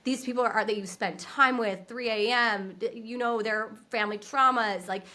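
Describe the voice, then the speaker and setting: A woman's voice: fairly high pitch, steady tone, normal speed, bright, forceful tone. A woman guesting on a podcast as a social media coach, talking candidly and animatedly with frequent restarts. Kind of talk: unscripted interview talk.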